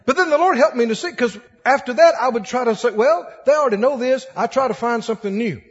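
A man from Mississippi, preaching a folksy, animated sermon with laughing asides. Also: very high voice, fast, breathy edge. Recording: dull lo-fi sound in a long-echo hall.

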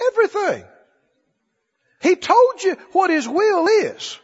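A man preaching a sermon emphatically, his voice rising to loud declarations and dropping low again. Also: sing-song, slow. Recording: dull recording in a large reverberant hall.

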